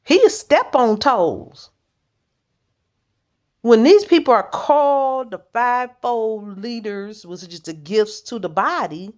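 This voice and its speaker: Woman, church leader, informal preaching, blunt, direct, fairly high voice. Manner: blunt, direct, street-plain talk.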